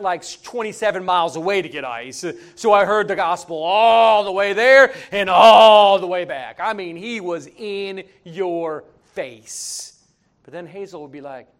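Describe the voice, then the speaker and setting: Male pastor, high voice, animated folksy storyteller from the pulpit. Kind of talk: sermon.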